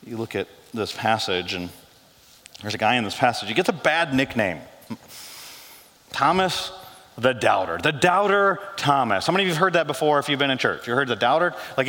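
A man preaching a sermon as pastor, animated and joking, dropping his voice low for quoted lines. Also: a little fast. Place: church sanctuary. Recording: long hall reverb.

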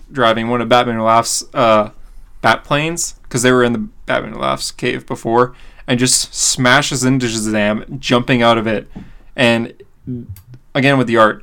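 Guy on a comics podcast, casual recap, mid pitch, excited, lots of uhs. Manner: enthusiastic, recaps plots with fillers and laughs. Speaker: podcast co-host. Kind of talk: casual comic book review chat.

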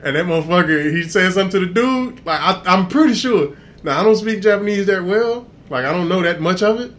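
Brief: male podcast host, slightly high voice, lively swooping delivery, crude casual storyteller who laughs at his own tales. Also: fairly quick. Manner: animated, profane, laughs through his stories.

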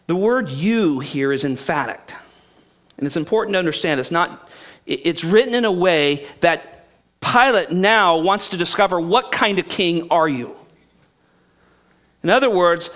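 Man, pastor, high voice, animated sermon delivery, quick restarts. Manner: animated, acts out quoted speakers, frequent restarts. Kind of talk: expository sermon.

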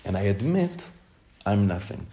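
Earnest mellow-voiced rabbi teaching. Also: male voice, fairly low pitch, sing-song, measured pace, gravelly. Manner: asks the listeners questions, then answers them; heartfelt, repeats phrases for emphasis. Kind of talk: Torah class for women.

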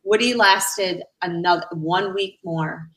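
A middle-aged woman telling her own story as a radio interview guest, halting often with fillers and restarts. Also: on the low side, a bit bright, low-quality recording. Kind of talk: personal account in a radio interview.

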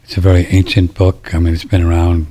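Middle-aged male radio host, low husky voice, rambling and riled up, restarts a lot. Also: monotone, fast, mellow. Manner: rambling, indignant, restarts sentences. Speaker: radio talk show host. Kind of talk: casual talk radio monologue.

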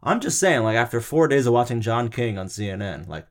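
Young guy cohosting a podcast, goofy rambling chat, laughs a lot, average pitch. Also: lively intonation, fairly quick. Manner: jokey, rambling, laughs often. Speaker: podcast co-host. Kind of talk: casual chat.

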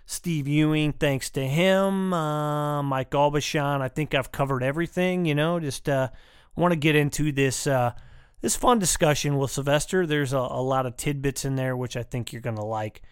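A man's voice: a little high, normal speed, clean tone. A man hosting a podcast, thanking supporters and asking his guest questions in a loose, rambling way with many fillers. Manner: rambling, with frequent uh and um. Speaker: podcast host. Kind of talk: casual interview chat.

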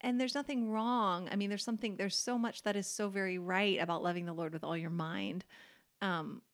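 A woman co-hosts a relaxed faith podcast in an easy conversational voice. She talks in a chatty way, full of "like" fillers, and laughs readily. She presses hard on the words that matter to her. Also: medium pitch, brisk. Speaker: podcast co-host.

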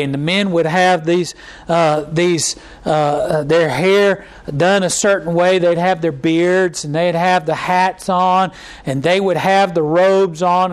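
A man's voice: high-pitched, low-quality recording. A pastor preaching a conversational sermon to his church, with many fillers and restarts and mocking impressions.

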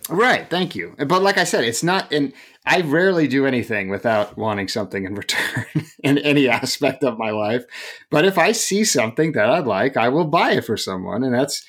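A young man on a casual podcast, animated and jokey as he rambles through stories. His voice sits at an average pitch for a man. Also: moderate pace. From rural area. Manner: animated, jokey, lively storytelling. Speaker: podcast co-host.

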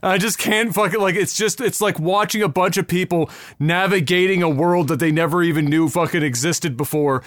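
A man's voice: high-pitched, a little fast, hardly any pauses, fairly bright tone, no echo, clean studio sound. A man co-hosting a casual podcast, rambling in a laid-back, profane way. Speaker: podcast co-host.

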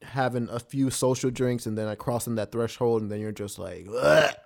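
A man's voice: mid-range voice, steady tone, a little fast, creaky, dark tone. A young man, co-hosting a podcast in casual chat, laid-back, laughing often and swearing casually. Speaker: podcast co-host.

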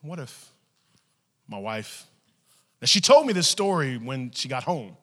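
A male pastor telling a family story in a sermon, animated and acting out the voices of his wife and daughters. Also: medium pitch, measured pace, in a large hall.

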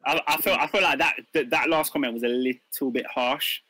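A man's voice: mid-range voice, a little fast, sharp tone, dry recording, poor audio. A man hosting a casual football podcast, earnest and hesitant, often restarting his sentences. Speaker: podcast host.

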